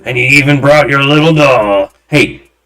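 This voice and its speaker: A man's voice: medium pitch, normal speed, bright, forceful tone, pitched above the performer's own voice, lightly acted. A man voicing a rude, hostile local man who taunts and blocks the way. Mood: taunting. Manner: taunting, aggressive. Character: rude southern male local, hostile gatekeeper.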